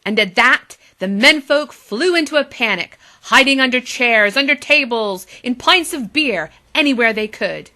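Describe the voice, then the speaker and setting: A woman teacher reading a storybook aloud to her class with expressive, lively delivery. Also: on the high side, normal speed, hardly any pauses.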